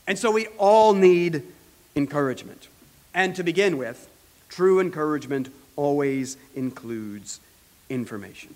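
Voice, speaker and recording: A man preaching from the pulpit in an earnest, teaching manner, his voice sitting a little higher than most men's. He slows right down to press key points, then lets phrases fall away softly. The sound carries a long reverb, as in a large hall. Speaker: pastor. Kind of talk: sermon.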